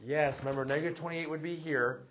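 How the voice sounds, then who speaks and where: A man's voice: on the high side, fairly even intonation, fast, fairly bright tone, highs cut off. Man teaching math in a classroom. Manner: questioning, checks in with students often. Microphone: classroom recording device.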